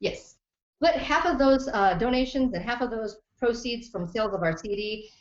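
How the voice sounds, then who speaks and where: A woman's voice: on the high side, moderate pace. A woman hosting a comic livestream in a playful, theatrical way full of puns. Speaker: comedy show host. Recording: roomy, dull livestream audio.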